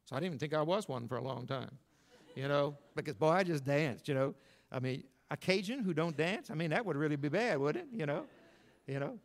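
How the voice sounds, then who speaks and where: An older man preaching a sermon as pastor, telling folksy stories and swinging between emphatic lines and quiet asides. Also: lively intonation, a little fast, creaky. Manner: folksy storytelling, rising to emphatic then dropping low.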